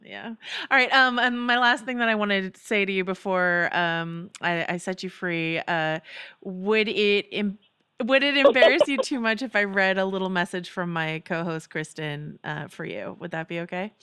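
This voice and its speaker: A woman's voice: mid-range voice, fairly even intonation, normal speed, fairly bright tone, clean tone, dry recording, studio quality. A woman who is a journalist and hosts a podcast, chatting with a guest in a casual way, often stammering and restarting her sentences. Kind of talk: casual interview.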